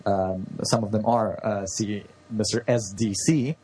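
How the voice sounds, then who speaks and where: Over a noisy background, a man with a lowish, fairly even voice co-hosts an unhurried, casual podcast chat about role-play politics. He rambles and often stumbles over his words.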